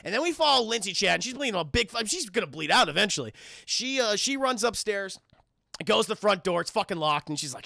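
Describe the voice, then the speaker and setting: High raspy streamer guy swearing thru a movie recap, lots of uhs, bright, dry sound. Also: lively intonation, quick pace, dry recording. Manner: profane, rambling, many fillers. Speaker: streamer reviewing a film. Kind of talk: casual spoiler recap to chat.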